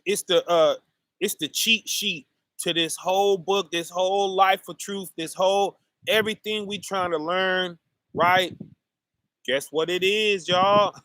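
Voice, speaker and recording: High-voiced, slow, preachy man. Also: bright, forceful tone, no echo. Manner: preachy call-and-response, keeps asking "right?" and "y'all". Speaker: street preacher. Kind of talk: sermon.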